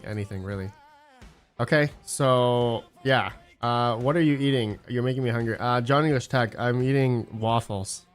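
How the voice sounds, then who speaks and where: A man's voice: medium pitch, clear, resonant tone. A man casually chatting on a livestream about crypto mining, rambling and searching for words, with frequent fillers and answers to chat messages. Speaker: crypto mining channel host.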